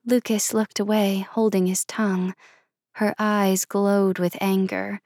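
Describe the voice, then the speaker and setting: A woman reading first-person fiction aloud, measured and expressive. She reads at a slow, deliberate pace in a middle pitch. The recording is close and dry. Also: no room sound. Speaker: audiobook narrator.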